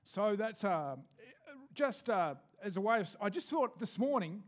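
A man preaching a sermon as pastor, leading the congregation in responses and reading scripture slowly. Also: high-pitched, lively intonation.

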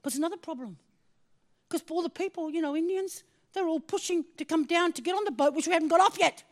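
A woman with a high voice preaches through a personal story, dropping to near-whispers for solemn points and rising to excited exclamations. Her telling is animated and full of laughter. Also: fast talker.

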